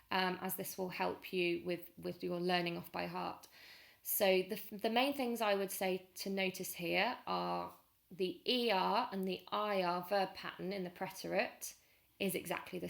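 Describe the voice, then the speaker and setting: Gravelly-voiced woman teaching grammar. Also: mid-range voice. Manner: patient, clear step-by-step explanation. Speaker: language teacher. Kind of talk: explaining a grammar lesson.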